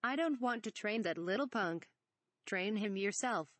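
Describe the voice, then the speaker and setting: Brief: woman playing a sardonic young knight, teasing, mid pitch, dry. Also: animated, measured pace, a bit bright, dry recording. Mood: mocking. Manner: wry, mocking. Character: mocking young male knight.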